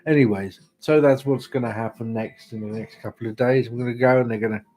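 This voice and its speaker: A man's voice: mid-range voice, fairly even intonation, quick pace, darkish tone. A British man hosting a live tarot-reading stream, chatting casually with dry, self-mocking humour. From Britain. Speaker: tarot reader host.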